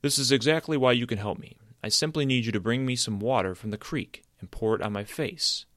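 A man's voice: medium pitch, fairly quick, a bit bright, no echo, clean studio sound, voice pushed up, close to an everyday voice. A man voicing an old male wizard cursed into a tree stump, firm and insistent as he explains. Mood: commanding.

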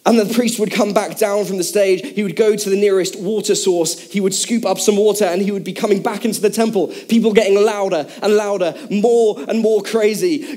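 A man's voice: sits high, fairly even intonation, a little fast, few pauses, darkish tone. A man preaching a sermon in a casual, chatty way with many fillers, speaking to a congregation in a church hall.

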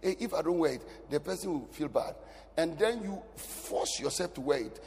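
Man preaching, pastor, fairly high voice, long reverb of a large church hall, loud bursts and hushed drops. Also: normal speed, a little hiss or hum. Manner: animated preaching, sudden loud rises and drops to near whisper. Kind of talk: sermon.

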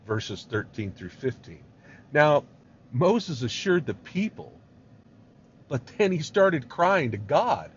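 Animated male preacher teaching a passage. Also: mid-range voice, slow pace. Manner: animated, conversational, acts out voices. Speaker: pastor. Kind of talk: expository sermon. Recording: dull lo-fi recording with faint hiss.

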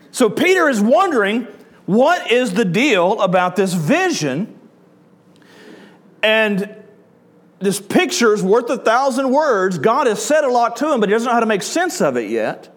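Man, Southern accent, pastor preaching a sermon, high voice, chatty, asks the crowd questions. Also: sing-song, unhurried, long pauses. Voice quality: conversational, asks the audience questions.

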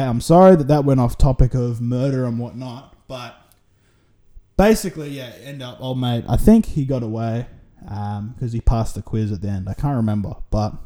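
A man's voice: medium pitch, mellow. Rambling, sweary Australian man. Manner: rambling, sweary, goes off on tangents. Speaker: podcast host. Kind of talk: casual solo podcast monologue.

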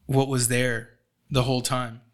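A man in casual podcast conversation, animated, swearing freely and often acting out other people's voices. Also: medium pitch, unhurried. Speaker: podcast co-host. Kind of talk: casual chat.

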